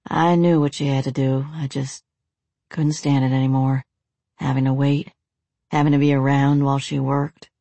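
A woman voicing a heartbroken young male saloon pianist who mumbles softly in a wounded voice. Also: very deep voice, little pitch movement, moderate pace, no room sound. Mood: hurt.

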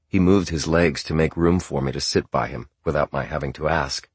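A male audiobook narrator with a very deep, husky voice, reading in a measured and restrained manner. The recording is close and dry, with no room sound. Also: steady tone, dry recording. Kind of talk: scripted narration.

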